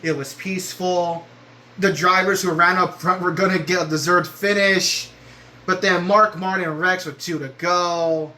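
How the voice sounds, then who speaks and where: High-voiced excitable young man gaming. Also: normal speed, rough recording. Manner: excitable, swearing, yells at the game. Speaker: racing game streamer. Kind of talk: gameplay commentary.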